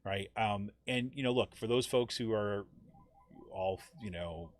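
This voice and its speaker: A man with a lowish voice hosts a live political podcast, talking off the cuff. He rambles and loops back on himself, peppering every thought with "right?" The sound is dry and close, with no room around it. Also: a little slow, dry recording. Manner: rambling, frequent "you know" and "right?". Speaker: podcast host. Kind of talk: casual political talk.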